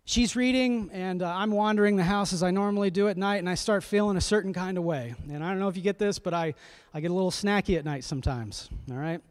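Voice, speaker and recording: A man's voice: sits high, fast, hardly any pauses, clean tone. Man telling a story in a sermon. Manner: conversational, checks in with listeners. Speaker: pastor.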